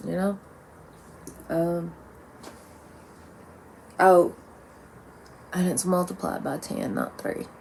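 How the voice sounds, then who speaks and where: A woman's voice: fairly low pitch, fairly even intonation, very slow, gravelly, pauses often, a little mellow, a little hiss or hum. A woman talking bluntly and profanely in a rambling casual monologue, with lots of "like"s. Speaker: vlogger.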